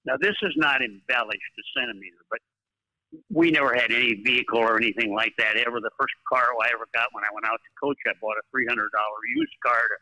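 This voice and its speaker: An older man from North Dakota speaks with that region's accent in a very bright, forceful tone. He is a former basketball coach as an interview guest, spinning folksy anecdotes with old-fashioned sayings. The sound is close and dry. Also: medium pitch, fast, dry recording, rough recording. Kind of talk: interview storytelling.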